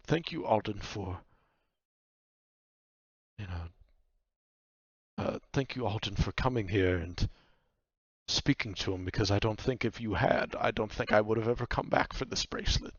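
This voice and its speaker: A man voicing a weary witch who talks softly and haltingly, on a dull, dry, lo-fi recording. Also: on the low side, slightly rough, no echo. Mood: gentle. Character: weary witch, gently reproachful.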